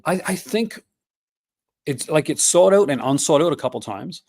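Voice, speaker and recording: A man's voice: a little high, animated, moderate pace, darkish tone. A man in his fifties hosting a casual chat, rambling with many fillers and restarts. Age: 50s. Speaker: podcast host.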